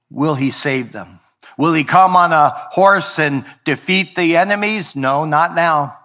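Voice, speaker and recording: A man preaching a sermon as pastor, earnest, dropping quiet and then rising to emphatic points. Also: a little high, lively intonation, slow.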